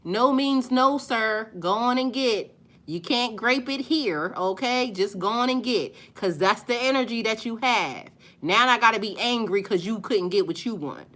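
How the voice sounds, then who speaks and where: Sassy, bright-voiced woman live-streaming. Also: lively intonation, a little slow. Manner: sassy, blunt, talks back to commenters; rises loud and high when worked up. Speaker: spiritual live-stream host. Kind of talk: live-stream chat replying to viewers.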